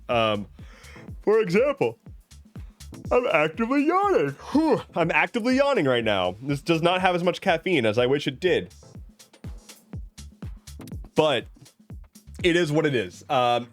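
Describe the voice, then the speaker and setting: A man's voice: medium pitch, a bit bright. Rambling man chatting on a live stream. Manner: rambling, joking, with many restarts. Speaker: live streamer reading chat. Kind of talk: casual live-stream chat. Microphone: webcam setup at home.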